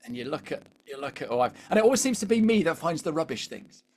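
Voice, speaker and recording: A man's voice: fairly high pitch, big pitch swings, quick pace, darkish tone. Chatty British man coaching a webinar. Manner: chatty, keeps asking the audience "all right?". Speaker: LinkedIn coach. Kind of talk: live webinar coaching talk.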